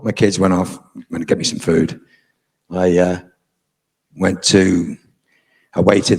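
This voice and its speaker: Low husky-voiced man telling a story. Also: normal speed, darkish tone. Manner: frank, profane, dryly humorous storytelling. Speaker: convention panel guest. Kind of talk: storytelling to a live audience.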